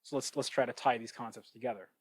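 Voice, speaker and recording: A man hosting his own podcast, thinking out loud in a casual monologue with many restarts and asides. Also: medium pitch, steady tone, fast, no room sound, low-quality recording. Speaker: podcast host. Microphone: cheap microphone. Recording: dry, close cheap-mic sound.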